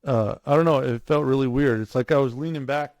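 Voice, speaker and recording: A man telling his own story in a casual interview, animated, acting out what others said to him. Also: mid-range voice, fairly quick, no room sound. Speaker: guest, cardiac arrest survivor.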